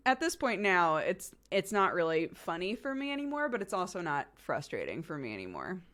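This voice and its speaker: A woman's voice: lowish voice, sing-song, normal speed, fairly bright tone. A young woman streamer telling a story in casual chat, laughing often and acting out the quotes. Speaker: streamer and host.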